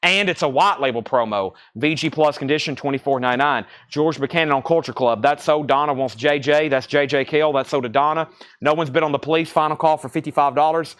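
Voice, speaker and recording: A man's voice: fairly high pitch, fast talker, a bit bright, smooth. A man with a Southern US accent hosting a live record sale, rattling off titles, conditions and prices. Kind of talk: live-stream auctioneering. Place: record shop.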